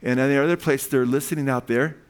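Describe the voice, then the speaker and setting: A man preaching a sermon in a church, speaking into an amplified microphone with animated, emphatic questions to the congregation. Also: mid-range voice, fast talker, clear, resonant tone. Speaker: pastor. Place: church sanctuary.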